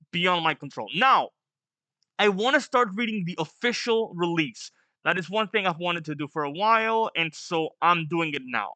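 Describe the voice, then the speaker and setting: A man hosting a casual manga read-along, reading lines aloud and chatting through quick asides. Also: high voice, bright, forceful tone, no echo. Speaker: manga reaction host.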